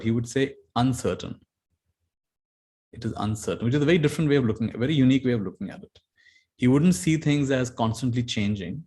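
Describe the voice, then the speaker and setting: A man giving a dharma talk as meditation teacher, telling stories gently and repeating key phrases. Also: mid-range voice.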